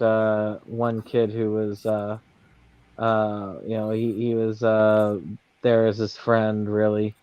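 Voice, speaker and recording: A man's voice: on the low side, a little mellow, dry recording. A man on a discussion panel, hesitant and full of filler sounds. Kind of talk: casual group chat. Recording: dull lo-fi mic.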